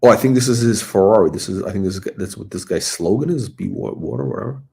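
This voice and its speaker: A man's voice: lowish voice, quick pace, creaky, a little mellow. A middle-aged man hosting a watch review, rambling through casual commentary and storytelling as he searches for words.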